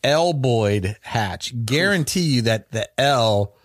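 A man's voice: mid-range voice, animated, takes it slowly, no room sound, clean studio sound. A man hosting a podcast, telling a story in casual chat. He rambles, restarts often and uses many fillers.

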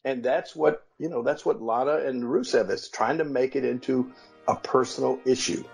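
An older man, co-hosting a podcast and telling animated stories from his wrestling days. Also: mid-range voice, moderate pace, gravelly, soft background music. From United States. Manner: animated storyteller, voices quoted people. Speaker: podcast co-host, former wrestler. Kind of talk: casual storytelling chat.

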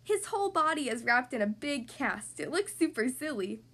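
High-voiced woman reading to kids. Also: very animated, normal speed, fairly bright tone, husky. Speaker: podcast host and storybook reader. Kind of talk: reading a picture book aloud to young kids.

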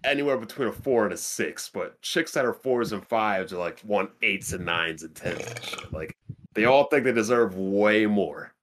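A man's voice: fairly low pitch, animated, normal speed, fairly bright tone, slight background noise. A man co-hosting a casual podcast chat, blunt and opinionated, making sweeping claims about dating. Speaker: podcast co-host.

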